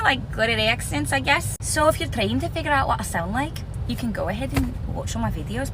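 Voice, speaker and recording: A woman chatting to her viewers in a playful, offhand, teasing way. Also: mid-range voice. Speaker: video creator. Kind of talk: casual chat to viewers. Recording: noisy background.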